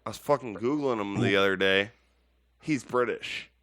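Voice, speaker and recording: A man with a low, smooth voice talks loosely on a podcast and swears as he goes. He rambles from thought to thought in an easy, offhand way. The sound is close and dry. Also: normal speed, a bit bright, no room sound. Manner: rambling, heavy swearing, laughs easily. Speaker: podcast co-host. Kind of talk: casual chat.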